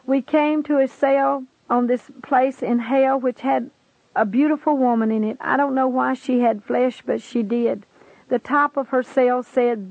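Gravelly woman reading a testimony over a tinny line. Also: high-pitched, steady tone, a little slow, darkish tone, dry recording. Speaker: reader of a religious testimony. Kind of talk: dramatic reading of a vision testimony. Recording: tinny phone-like lo-fi recording.

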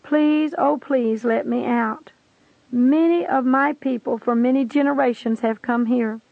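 A woman's voice: a little high, unhurried, creaky, dry recording. A woman voicing a tormented ancient woman begging to be let out, in a pleading, desperate manner. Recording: tinny phone-like lo-fi recording.

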